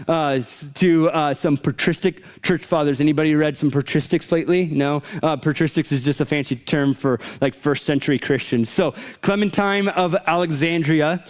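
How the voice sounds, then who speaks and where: Clear-voiced man preaching casually. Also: on the high side, darkish tone. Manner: rambling, conversational, many fillers. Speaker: pastor. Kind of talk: casual sermon to young adults.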